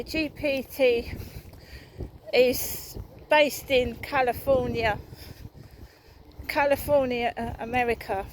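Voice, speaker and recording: A woman's voice: fairly high pitch, slight background noise, poor audio. Ranting woman on a walk. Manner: aggrieved, ranting, swears freely. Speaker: vlogger. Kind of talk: rambling walk-and-talk vlog. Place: outdoors on a walk.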